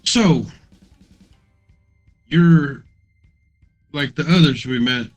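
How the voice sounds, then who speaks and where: A man voicing a reserved male hero who speaks in a low, understated, slightly aloof way. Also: extremely slow, highs cut off, soft background music. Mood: wary.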